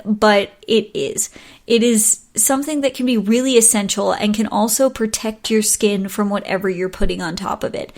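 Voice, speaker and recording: A woman's voice: mid-range voice, steady tone, normal speed. A woman hosting a solo podcast, giving advice in a chatty, casual way, often stumbling over words and laughing at her own slips. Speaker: podcast host.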